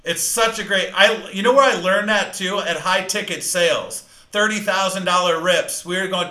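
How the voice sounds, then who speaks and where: Fast-talking, bright-voiced male sales trainer. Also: high voice, reverberant, low-quality recording. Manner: fast-talking, energetic, emphatic. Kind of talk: live training talk.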